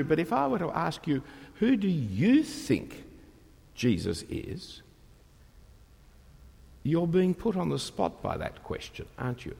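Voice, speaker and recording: A man's voice: on the high side, vocal fry, darkish tone, husky. A man preaching a sermon, emphatic and rhetorical, asking his listeners questions. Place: church. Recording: long reverb of a large hall.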